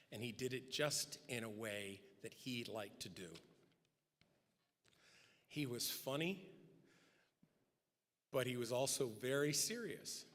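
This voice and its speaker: A middle-aged man giving a eulogy at a memorial service, telling personal anecdotes and acting out quotes, speaking at a podium microphone in a large church sanctuary. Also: fairly bright tone. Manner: storytelling, acting out quotes with rising pitch. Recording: long church hall reverb.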